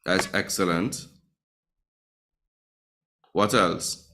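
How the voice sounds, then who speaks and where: A man teaches a classroom lesson with a somewhat low voice. He quizzes his students and keeps tagging "right?" onto his points. His delivery is patient and explanatory. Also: very slow, pushed and bright, a little hiss or hum. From Trinidad and Tobago. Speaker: Spanish teacher.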